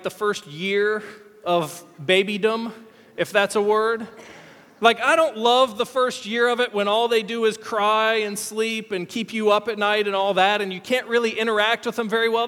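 A man's voice: sits high, pushed and bright. A male pastor in his thirties giving a sermon in a church, talking candidly and casually with some self-deprecating humor. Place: church hall. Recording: long reverb of a large hall.

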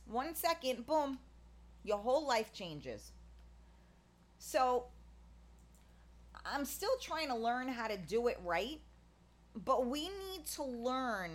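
A woman talking in a casual, rambling monologue, full of fillers and restarts, blunt and candid. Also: a little high. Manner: candid, blunt, swears in passing.

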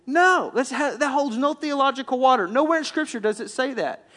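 Male pastor, high-pitched voice, delivering an animated sermon with hushed emphasis. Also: fairly quick, hardly any pauses. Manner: animated preaching, dropping to a hush for emphasis; acts out complaining voices.

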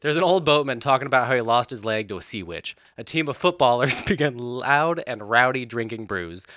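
A man's voice: mid-range voice, expressive, fairly quick, sharp tone, no echo, studio quality. A man hosting a comedic, profane recap of a TV show, laughing often. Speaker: host.

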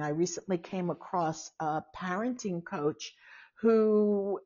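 A woman's voice: lowish voice, slow, darkish tone. A woman in her sixties hosting a casual live-stream talk, musing aloud with many fillers and asides. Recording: dull lo-fi sound.

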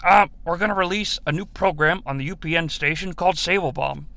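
A man's voice: a little high, a little fast, gravelly, pushed and bright, no echo. A man doing a grandiose wrestling promoter. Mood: pompous. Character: pompous male wrestling promoter pitching executives.

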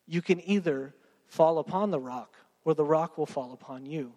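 A man's voice: a little high, normal speed, dark tone, long reverb tail, muffled recording. A young man, preaching a sermon in a casual, joking way and talking straight to his congregation. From Texas. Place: church sanctuary.

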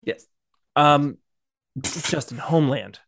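Casual halting man on a podcast. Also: on the high side, gravelly, a bit bright, a little hiss or hum. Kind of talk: casual chat.

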